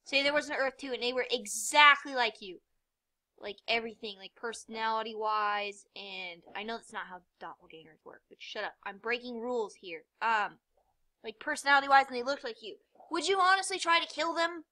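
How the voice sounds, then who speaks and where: A woman's voice: fairly high pitch, brisk, pushed and bright. A young woman giving rambling, self-mocking let's-play commentary, swearing freely, with sudden yelps and muttered asides. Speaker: gamer.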